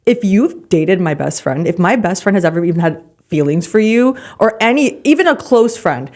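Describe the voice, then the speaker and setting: A woman's voice: medium pitch, lively intonation, moderate pace, a little mellow. Opinionated young woman podcast host. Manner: emphatic, opinionated, explains with confidence. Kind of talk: casual chat.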